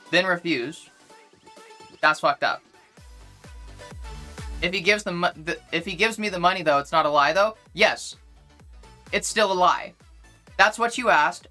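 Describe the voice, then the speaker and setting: On a casual livestream, a young woman streamer argues her point to chat, insistently repeating herself in a bright, forceful voice over faint background music. Her pitch is fairly low, her delivery animated, and she talks at a normal speed with frequent pauses.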